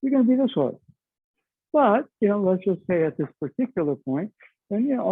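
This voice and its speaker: A middle-aged man teaches a martial arts class, explaining things chattily and peppering his speech with "okay" and "you know." His voice is high, sing-song and breathy-edged, fairly quick. The recording is dry with no echo and sounds tinny, like a phone.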